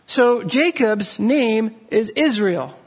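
A male pastor delivers a lively sermon, walking his listeners through a scripture passage verse by verse. His voice sits high for a man and has a husky edge. He keeps checking in with his listeners with a quick "right?". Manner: animated, asks the audience "right?" often.

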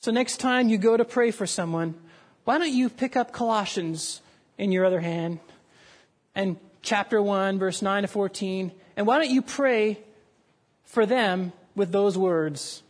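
A man's voice: sits high, unhurried. A man preaching a sermon, telling a story with dramatic rises and falls. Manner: dramatic storytelling, voices raised for the crowd.

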